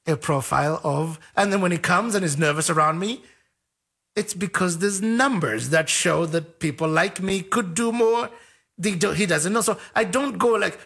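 Animated husky-voiced man telling stories. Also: high-pitched, moderate pace. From Africa. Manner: animated, acts out quoted voices, repeats words. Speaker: interview guest. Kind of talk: conversational storytelling.

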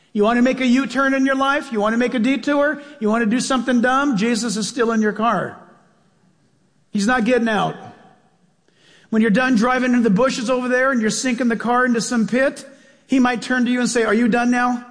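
A man's voice: extremely high pitch, normal speed. A man preaching a sermon as a pastor, in an emphatic, conversational manner with repeated phrases, in a church. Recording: long reverb of a large hall.

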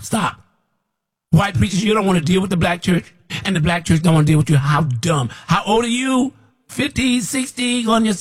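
Husky-voiced man preaching scoldingly. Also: sits high. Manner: scolding, repetitive, rising to near shouts. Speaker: self-described prophet. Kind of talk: preaching monologue.

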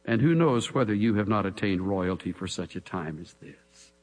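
Emphatic preacher in a reverberant hall. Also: male voice, lowish voice, lively intonation, normal speed. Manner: dramatic, swings from hushed to emphatic. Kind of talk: expository sermon.

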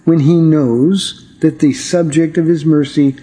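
A man teaching a Bible study in an earnest, emphatic way, slowing down to stress key words. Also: fairly high pitch, steady tone, mellow, soft background music. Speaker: Bible teacher and radio show host.

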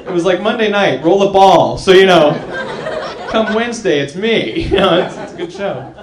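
A man's voice: high voice, expressive, moderate pace, pauses often, background noise. A young man doing a rambling stand-up comedy set at a club, filling his talk with "like" and "you know". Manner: loose rambling delivery with lots of "like" and "you know". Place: comedy club stage with live audience. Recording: echoey live room with crowd.

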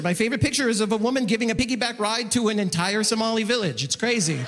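A man doing a stand-up comedy set on stage, animated and exclamatory, acting out his own reactions. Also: extremely high pitch. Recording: live room with long reverb.

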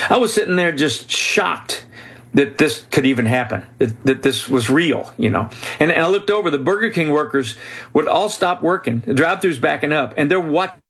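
A man's voice: mid-range voice, animated, moderate pace, slightly rough. A man telling a story as a guest in an interview, speaking earnestly and with animation, often restarting his sentences. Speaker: author and guest.

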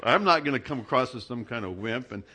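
Male pastor, bright voice, conversational preacher who pokes fun at himself. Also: mid-range voice, lively intonation, fast, slightly rough. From Southern California. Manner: conversational storyteller, self-mocking humor. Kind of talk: sermon with humorous personal anecdotes.

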